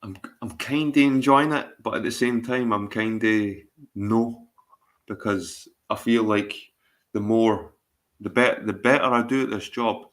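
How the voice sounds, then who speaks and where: A middle-aged Scottish man chatting casually on his livestream, rambling, swearing and repeating himself. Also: lowish voice. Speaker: livestream host.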